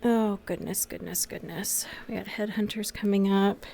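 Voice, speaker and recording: A woman streaming a role-play game in a VR headset, teary and sniffling, murmuring quietly as she chats between scenes. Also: mid-range voice, steady tone, normal speed, vocal fry, a little hiss or hum. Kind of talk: casual chat between scenes. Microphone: VR headset mic.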